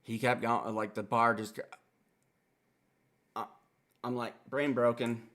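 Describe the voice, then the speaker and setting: A man from Wisconsin with a gravelly, fry-laced voice breaks down a song for his channel. His delivery is casual and profane, swinging between quiet asides and excited outbursts. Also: fairly low pitch, slow. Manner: blunt and profane, excitable, talks in bursts. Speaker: music reaction host. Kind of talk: casual reaction commentary.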